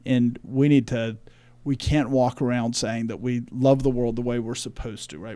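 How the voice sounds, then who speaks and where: A man's voice: mid-range voice, normal speed, dark tone. Emphatic man preaching on a podcast. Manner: preachy, emphatic, quotes scripture. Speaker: podcast co-host. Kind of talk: religious discussion podcast.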